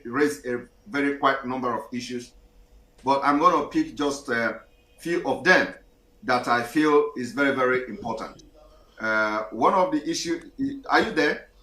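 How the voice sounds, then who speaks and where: Hesitant man hosting, in a roomy echo. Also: mid-range voice. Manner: hesitant, many fillers and restarts, calm. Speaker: host. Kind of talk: talk show hosting.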